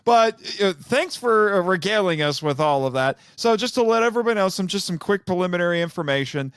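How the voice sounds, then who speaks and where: A man's voice: high-pitched, lively intonation, brisk, a bit bright, smooth, no echo, clean studio sound. A man hosting a podcast in casual chat, rambling and correcting himself as he goes, laughing often. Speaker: podcast host.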